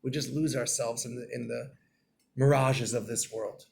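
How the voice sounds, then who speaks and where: A man giving a Torah class in a storytelling way, acting out scenes and getting loud and animated. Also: medium pitch, normal speed, creaky, a little hiss or hum.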